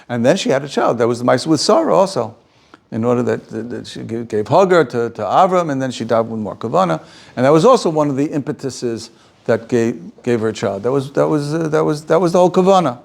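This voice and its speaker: A man teaching an informal Torah class as a rabbi, animated, often repeating words and restarting sentences. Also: on the high side, gravelly.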